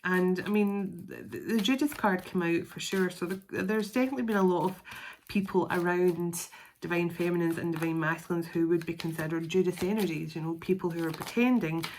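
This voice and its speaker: A woman's voice: fairly low pitch, a little fast, a little mellow, a little hiss or hum. A middle-aged woman giving a casual, rambling spoken tarot reading. She laughs often and restarts her phrases. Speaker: tarot reader.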